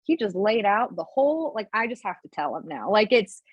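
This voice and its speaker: Husky-voiced woman telling a personal story. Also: medium pitch, very animated, dry recording. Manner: emotional, candid, fast-flowing with many "like" fillers. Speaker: podcast guest. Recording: dull, slightly lo-fi remote recording.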